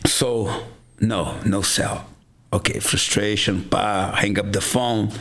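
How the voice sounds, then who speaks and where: A man's voice: fairly low pitch, takes it slowly, vocal fry. A man from Rio de Janeiro with a Brazilian Portuguese accent, a guest on a casual podcast, telling a story with lots of "blah, blah" and acted-out dialogue. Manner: animated storyteller, acts out dialogue, fills with "blah, blah". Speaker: guest, jiujitsu instructor. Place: garage podcast studio.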